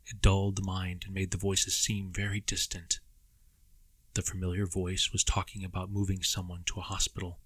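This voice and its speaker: A man narrating a dark story in a measured, somber way. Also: low-pitched, breathy edge, no room sound. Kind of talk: scripted audiobook narration.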